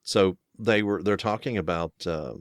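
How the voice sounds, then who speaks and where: A man's voice: sits low, normal speed, smooth, no echo, clean studio sound. An American man co-hosting a casual talk show, rambling with many restarts and fillers. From United States. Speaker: podcast co-host. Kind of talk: casual chat.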